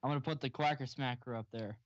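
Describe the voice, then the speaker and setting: A man's voice: medium pitch, quick pace. A man playing a tabletop game, casual, joking and swearing. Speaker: player. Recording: dull lo-fi mic.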